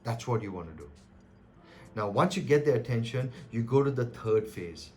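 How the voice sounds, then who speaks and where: A man's voice: medium pitch, moderate pace, a little hiss or hum. A man coaching on cold calling, talking emphatically and acting out sample calls. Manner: animated, emphatic, acts out calls. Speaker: sales coach. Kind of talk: direct-to-camera coaching talk.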